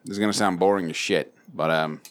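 A man co-hosting a casual chat with friends, profane and joking, slipping into quick silly voices. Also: low voice, fairly even intonation. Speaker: podcast co-host.

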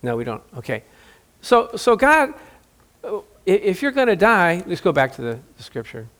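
A middle-aged male preacher with a high-pitched voice delivers an animated sermon. He jokes with the congregation and plays out the lines of Bible characters. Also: moderate pace.

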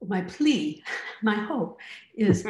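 A woman taking part in an inquiry talk, speaking hesitantly with many pauses and ums. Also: medium pitch, sing-song, a little mellow, roomy sound. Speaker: participant. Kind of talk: personal inquiry dialogue.

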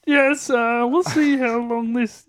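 A man voicing a posh, upper-class English male frog puppet in a prim, halting manner. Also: very high voice, steady tone, fairly bright tone, full character voice. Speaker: podcast co-host.

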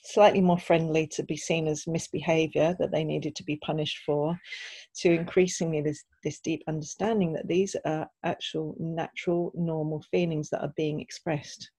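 A woman with a husky, mellow voice and a gravelly edge speaks as a podcast co-host. She explains ideas in an earnest, thoughtful way. The sound is close and dry. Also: low voice, little pitch movement, moderate pace, no echo. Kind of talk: casual podcast conversation.

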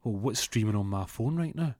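A cool, steady man, as a storyteller plays him speaks in a low, measured voice. He talks deliberately and stays calm. The sound is dry and close. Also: no echo, close to an everyday voice. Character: calm, defiant man who outwitted gangsters.

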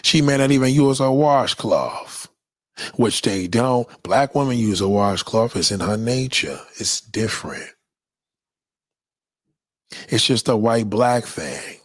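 A man's voice: mid-range voice, animated, takes it slowly, no room sound, studio quality. A man delivering a blunt, profane, opinionated monologue in a lecturing tone.

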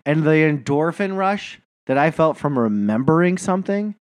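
With a clear, resonant voice on the high side, a man co-hosts a podcast at a moderate pace. The conversation is casual and jokey, and he's animated, frequently losing a thought and starting over. It's studio-quality audio without echo.

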